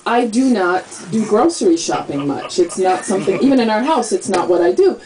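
A woman's voice: a little high, big pitch swings, a little fast, few pauses. A woman of almost fifty from Scotland, talking in a chatty, rambling way and laughing as she tells stories at a book signing. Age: 40s. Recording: distant mic with loud noise.

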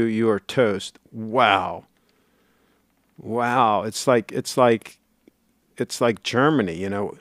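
A man's voice: lowish voice, smooth, no room sound, studio quality. A middle-aged man hosting a casual livestream, reading viewer comments aloud and rambling on in a chatty, self-correcting way.

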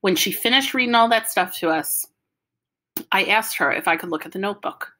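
A woman reading a novel aloud with lively, wry storytelling. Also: mid-range voice, fairly quick, slight background noise. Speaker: audiobook reader. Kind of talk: storytelling narration.

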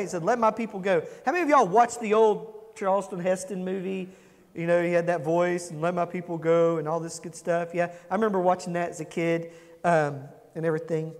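A man's voice: high voice, long reverb tail. A man preaching a conversational sermon, asking the congregation questions. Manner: conversational, asks the congregation questions, acts out quotes. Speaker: pastor.

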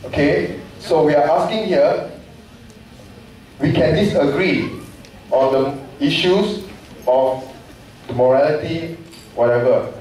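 Guy on a forum panel, slow heartfelt speech, kinda high voice, far off in a boomy hall. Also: darkish tone. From Malaysia. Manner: passionate, repeats rhetorical questions. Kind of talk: impassioned public speech. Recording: echoey hall, distant mic, faint noise.

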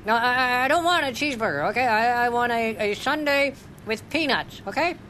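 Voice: mid-range voice, animated, fairly quick, pushed and bright, slight background noise. A performer voicing an exasperated male drive-thru customer who stammers and repeats himself as he keeps trying to get his order through. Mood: confused, pleading. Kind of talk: comic sketch acting.

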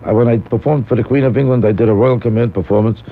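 A man with a mid-range voice talks fast as a guest radio host, rambling through a comic story. The recording sounds tinny and phone-like, like an old radio broadcast.

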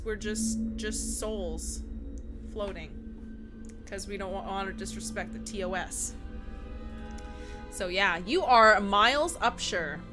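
A young woman from Canada chatting casually while livestreaming a horror game, giggling and reading chat aloud. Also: mid-range voice. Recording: music playing underneath.

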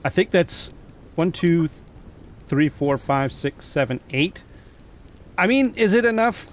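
Male let's-play host, lively up-and-down delivery, chatty, chuckles a lot, counts things under his breath. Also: a little high, unhurried, slight background noise. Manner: chatty, thinks aloud and counts items aloud; chuckles often at his own mishaps. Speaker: gameplay commentator. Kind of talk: casual let's-play commentary.

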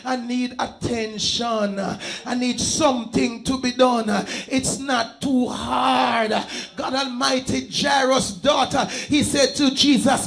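A man preaching a fervent live sermon in a church service, shouting and chanting calls to the congregation. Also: extremely high pitch, steady tone, slow pace, gravelly.

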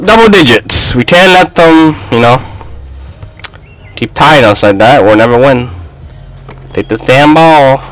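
A man giving live commentary over a basketball video game, excitable and trash-talking his teammates. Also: a little high, low-quality recording. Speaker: gaming YouTuber.

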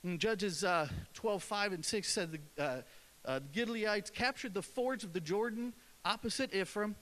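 A man's voice: sits high, normal speed, a bit bright. A man with a northern US accent giving an informal, conversational sermon with an emphatic delivery and frequent restarts. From northern United States. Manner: conversational, with many fillers and restarts. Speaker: preacher.

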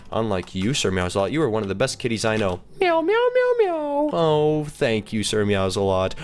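Excitable man with a bouncy voice. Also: medium pitch. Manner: excitable, jokey, gasps and squeals. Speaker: gaming video host. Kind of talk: let's-play commentary.

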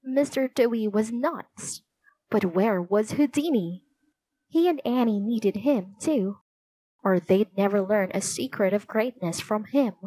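A woman reading a children's chapter book aloud with clear, deliberate storytelling. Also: mid-range voice, mellow, no echo, poor audio. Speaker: narrator.

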